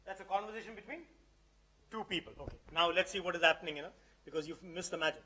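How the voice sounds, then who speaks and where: Male presenter, high voice, casual live demo delivery, keeps checking in with the room. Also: quick pace, pushed and bright, slight background noise. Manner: conversational, keeps checking the audience understands. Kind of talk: live tech demo talk. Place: event hall.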